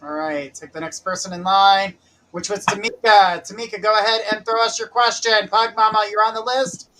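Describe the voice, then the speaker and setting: A man's voice: high-pitched, steady tone, normal speed, pushed and bright, slight background noise, low-quality recording. A man hosting live psychic readings on a stream, casually calling viewers by name to ask their questions. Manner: calls out viewer names from a list, jokes about mispronouncing them. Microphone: live-stream mic with glitches.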